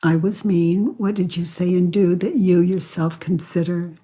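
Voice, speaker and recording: An older woman guides a client through self-inquiry, her voice a bit low and husky. She is unhurried, calm and gently probing, asking questions slowly and acting out quoted lines.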